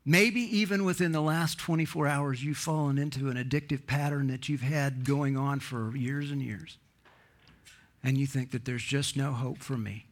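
A man preaching a sermon in an earnest, emphatic way, lifting his voice on key points. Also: mid-range voice.

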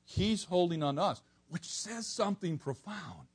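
Man, preacher, sermon, husky, very lively pitch, loud emphatic peaks. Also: moderate pace. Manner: animated, swings from soft to near-shouting for emphasis. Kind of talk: expository sermon.

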